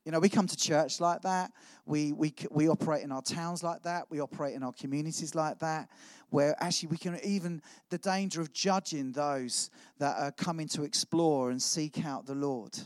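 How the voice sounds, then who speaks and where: A man's voice: on the high side, moderate pace, dry recording. A middle-aged man preaching a sermon, telling his own story in a chatty, self-mocking way. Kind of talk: sermon with personal testimony.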